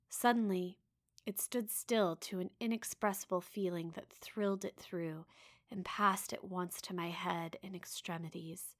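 Expressive woman reading aloud. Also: medium pitch. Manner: dramatic reader, voices quoted cries and drops to hushed asides. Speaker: podcast co-host. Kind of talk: expressive reading of a novel passage, then casual chat.

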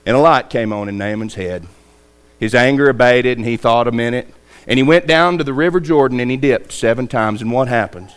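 A man preaching a sermon, retelling scripture stories, acting out the quotes and asking rhetorical questions, swinging from loud lines to hushed ones. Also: mid-range voice, a little fast, clean tone.

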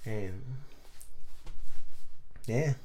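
A man's voice: lowish voice, animated, extremely slow, warm tone. Rambling young man telling a story. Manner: rambling, heavy slang and profanity, many fillers. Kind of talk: casual personal storytelling.

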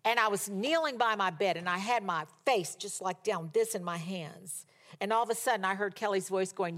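A woman's voice: medium pitch, fairly quick, a bit bright. A middle-aged woman preaching a sermon, telling personal stories and exhorting her listeners with emphatic repetition.

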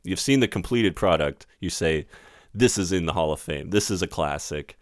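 A low-voiced man chats about a movie with a partner, his pitch swinging widely as he talks. He laughs often and keeps the tone loose. The sound is dry and close. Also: normal speed, no echo. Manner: animated, laughs often, breaks into joke accents. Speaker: podcast co-host. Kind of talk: casual movie review chat.

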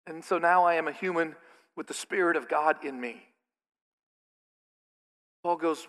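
A middle-aged man preaching a sermon as pastor, animated, slipping into mocking asides. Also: fairly high pitch, measured pace, pauses often. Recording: reverberant hall.

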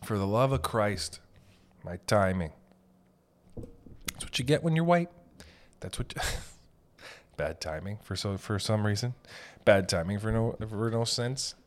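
A young man with a somewhat low voice hosts a podcast, drifting from tangent to tangent in a loose, self-deprecating comic monologue. He swears freely and keeps circling back to his own half-finished thoughts. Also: expressive, a little slow, pauses often. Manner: meandering, self-deprecating, swears casually, breaks into loud mock shouts. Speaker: podcast host. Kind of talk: rambling comedic monologue.

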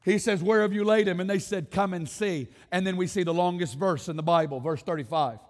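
A man with a high voice preaches with rising passion, stacking phrase on phrase and calling out for the congregation to answer back. His voice rings through a church sanctuary with a long, lingering reverb. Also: a little fast. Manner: impassioned, repetitive rhetorical build-ups, directs congregation to respond. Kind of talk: sermon.

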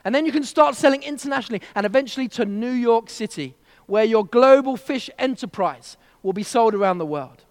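A man voicing a self-assured male American businessman who lectures in a brisk, confident sales pitch. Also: lively intonation, big-room sound. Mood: eager, persuasive.

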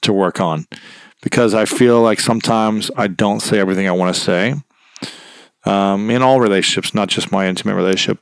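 Smooth-voiced candid male podcast guest. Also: lowish voice, no room sound. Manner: candid, rambling, self-reflective. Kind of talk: conversational interview.

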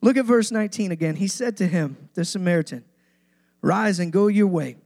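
A man's voice: high voice, brisk, a little mellow, no echo, clean studio sound. A male pastor preaching a sermon to his church, driving points home with repetition and rising emphasis.

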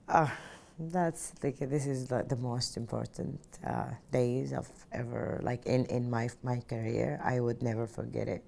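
Middle-aged Saudi-accented woman, very low and warm-toned, sincere and heartfelt, recounting her story. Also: fairly even intonation, measured pace, gravelly. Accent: Saudi Arabic. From Saudi Arabia. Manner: earnest, heartfelt, frequent "just like" fillers. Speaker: airline pilot interviewee. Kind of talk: personal storytelling interview.

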